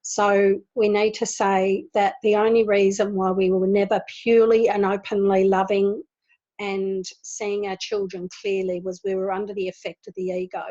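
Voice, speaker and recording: A woman giving a gentle spiritual talk to an online group, repeating words for emphasis. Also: mid-range voice, little pitch movement, normal speed. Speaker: spiritual teacher. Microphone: video call. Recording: dull lo-fi video call audio.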